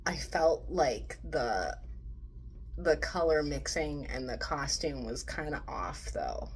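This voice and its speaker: A woman's voice: deep voice, takes it slowly, slight background noise. A young woman vlogging a casual movie review rant. She swears freely and acts out quotes in mocking voices.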